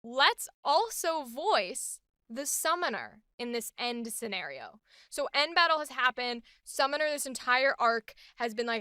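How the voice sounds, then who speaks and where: A young adult woman hosting a casual voice acting vlog, talking in an animated, enthusiastic way. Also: fairly high pitch, normal speed, clean tone, no room sound, studio quality. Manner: animated, enthusiastic, filler-heavy talk. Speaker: voice actor and host.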